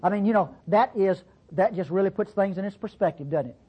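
A Bible teacher giving a folksy, conversational sermon-style lesson, acting out quotes with sudden pitch jumps. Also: fairly quick, slightly rough, muffled recording.

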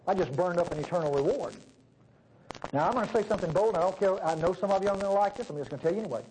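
Folksy high-voiced preacher. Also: male voice, slight background noise, rough recording. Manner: folksy, animated, swings between loud and hushed. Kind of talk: sermon.

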